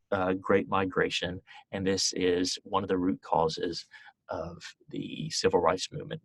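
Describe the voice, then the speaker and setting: A middle-aged man with a fairly low voice delivers a history lecture to his class. He explains step by step, often pausing on fillers and restarting his sentences. The sound is dry, with no room echo. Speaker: history teacher.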